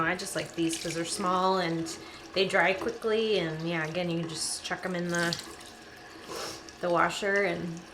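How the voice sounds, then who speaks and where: A woman's voice: mid-range voice, fairly bright tone, slight background noise. Chatty woman in an echoey bathroom. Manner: chatty, upbeat, talks while doing her routine. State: slightly out of breath. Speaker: beauty vlogger. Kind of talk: casual skincare tutorial. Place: bathroom at the sink. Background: running water from the tap.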